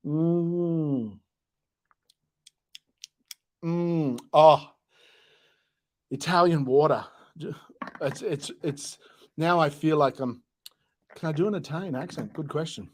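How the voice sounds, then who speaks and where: A man's voice: on the high side, normal speed, slightly rough. An Australian man presenting products on a casual live stream, joking, chuckling and rambling through asides.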